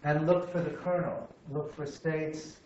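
Male lecturer, halting and repetitive, dull and roomy recording. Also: a little high, little pitch movement, a little mellow, slight background noise. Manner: halting, repeats words, thinks aloud. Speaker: physics lecturer. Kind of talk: university lecture. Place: lecture room. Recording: echoey room, slightly dull sound.

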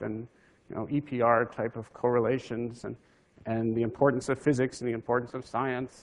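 Gravelly-voiced man telling a wry story. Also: medium pitch. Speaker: physicist telling his career story. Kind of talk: anecdotal talk to an audience.

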